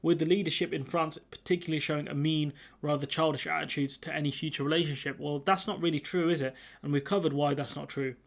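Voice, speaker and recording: A man's voice: a little high, steady tone, fast talker, vocal fry, hardly any pauses. A young man hosting a casual commentary video, talking in a sarcastic, mocking, conversational way. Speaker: commentary channel host.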